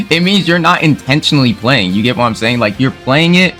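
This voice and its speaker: A man's voice: medium pitch, expressive, a little fast, sharp tone, faint music behind. A man casually recounting an online game argument in a laid-back, slangy way, calling the listener "bro.". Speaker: gaming video creator. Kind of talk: casual storytelling commentary.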